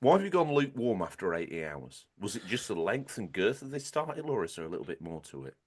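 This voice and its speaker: A man's voice: on the low side, big pitch swings, fast talker, breathy edge. A man, co-hosting a gaming podcast in casual chat, playful and rambling with tongue-in-cheek tall tales. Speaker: podcast co-host.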